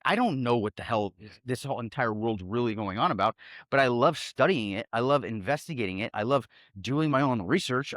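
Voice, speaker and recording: A man's voice: medium pitch, a bit bright, dry recording, studio quality. A man giving a casual motivational monologue, profane and emphatic, rambling with many fillers. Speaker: self-help speaker.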